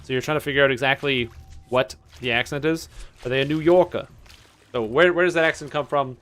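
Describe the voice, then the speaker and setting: Man, casual gaming chatter, rambling, average pitch, soft music underneath. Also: brisk. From Canada. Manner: rambling, chatty, many fillers. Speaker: streamer.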